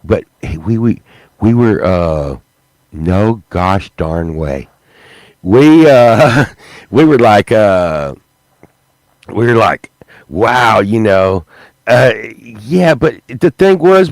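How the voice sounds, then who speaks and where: A man telling a profane, animated story on a podcast, acting out what people said. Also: mid-range voice, no echo, poor audio. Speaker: podcast host. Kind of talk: storytelling, casual chat.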